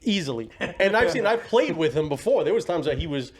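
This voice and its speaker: Sing-song and fairly high, this man's voice moves a little fast as he hosts a laid-back podcast. He spins a meandering anecdote stuffed with quoted dialogue.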